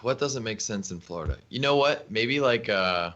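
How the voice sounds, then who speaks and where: Low, bright-toned man on a dull call line. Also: lively intonation, moderate pace. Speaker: podcast co-host. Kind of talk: casual joking chat.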